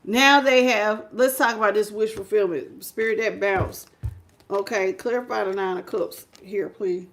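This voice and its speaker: A woman's voice: mid-range voice, steady tone, unhurried, fairly bright tone, slight background noise. A woman giving a casual live tarot reading, talking straight to the viewer and greeting people in the chat. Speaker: tarot reader.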